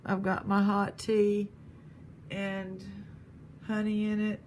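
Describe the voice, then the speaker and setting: A woman vlogging casually, gently thanking viewers as she opens gifts and admires jewelry. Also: medium pitch, completely flat delivery, slow pace, slight background noise. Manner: gentle, appreciative, lingering over each gift. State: near tears, grieving. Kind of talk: casual vlog chat.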